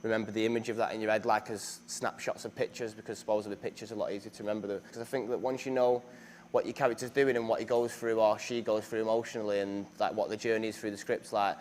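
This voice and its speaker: A man's voice: fairly low pitch, little pitch movement, fast talker, a little mellow, a little hiss or hum. A young man, chatting casually in an interview, full of fillers and restarts. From northern England. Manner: chatty, self-deprecating, many fillers and restarts. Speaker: actor being interviewed.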